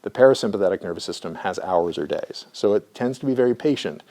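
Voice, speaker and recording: A man who works as a therapist, giving an educational lecture and demonstrating slow breathing, often checking in with "right?". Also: lowish voice, animated, dark tone. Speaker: therapist teaching a class.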